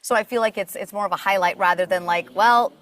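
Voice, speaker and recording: Speaking quickly with a fairly low pitch, this Puerto Rico-raised woman works as a voice actor and is a guest on a podcast. Her casual interview chat is lively and talkative, full of stories and plenty of filler words.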